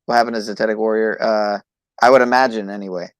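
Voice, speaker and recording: A man's voice: lowish voice, steady tone, fast, no echo. Rambling, hesitant podcast host man. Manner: rambling, hesitant, trailing off quietly. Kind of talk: casual livestream chat.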